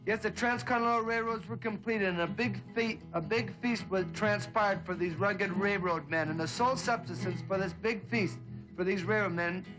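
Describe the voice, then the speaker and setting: A man's voice: high-pitched, normal speed, poor audio. A man telling a rambling, dim-witted story in a comedy folk song routine, on a 1960s TV stage. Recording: 1960s TV soundstage with loud guitar and audience.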